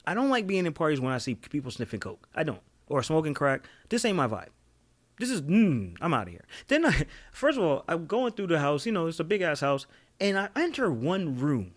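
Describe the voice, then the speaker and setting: An animated young man from tells stories on a casual podcast. His voice sits a bit high and swings widely in pitch as he acts out other people's voices. He swears freely and laughs often. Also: fairly quick. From Boston. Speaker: podcast co-host. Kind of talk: casual storytelling chat.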